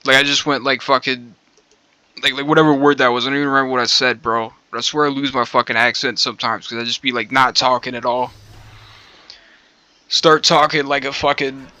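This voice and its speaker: A man streaming while he chats, his voice very bright and sharp, with a roughness that smoking has left in it. He rambles loosely, swears freely and ends his sentences with a drawled "bro." The pitch sits in an everyday middle range. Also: fairly even intonation, fairly quick, dry recording. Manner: rambling, profane, slangy, calls listener bro. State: hoarse from smoking. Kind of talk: casual stream chat.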